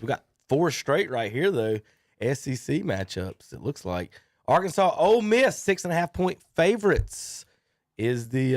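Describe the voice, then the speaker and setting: Animated, joking man hosting sports talk. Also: medium pitch, no room sound, clean studio sound. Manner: joking, laughs often, animated picks. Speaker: sports talk show host. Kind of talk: casual sports radio banter.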